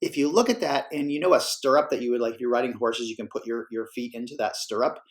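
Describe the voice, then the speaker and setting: A man's voice: mid-range voice, fast talker. A man teaching a class, explaining in a casual, self-correcting way. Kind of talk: classroom lecture.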